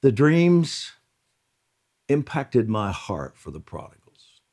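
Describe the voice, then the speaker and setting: A man reading a prayer account aloud in a slow, earnest devotional style, lifting his voice on quoted lines. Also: medium pitch, very animated, darkish tone.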